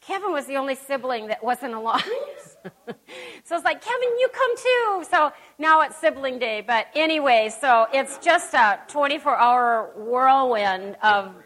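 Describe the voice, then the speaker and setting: High, bright-voiced woman preaching. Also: a little slow. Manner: emphatic, folksy, chatty asides. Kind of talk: conversational sermon. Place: church service.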